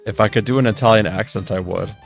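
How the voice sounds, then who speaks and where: A man's voice: fairly low pitch, quick pace, gravelly, soft background music. A man streaming a game, making wry, joking asides between the dialogue. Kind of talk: casual gameplay commentary.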